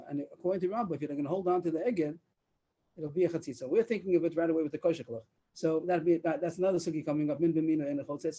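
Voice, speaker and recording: Fast-talking man teaching Talmud class. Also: fairly high pitch, dark tone, poor audio. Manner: explains rapidly, mixing English with Talmudic Hebrew and Aramaic terms. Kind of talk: daf yomi Talmud class. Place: online meeting room. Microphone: video call.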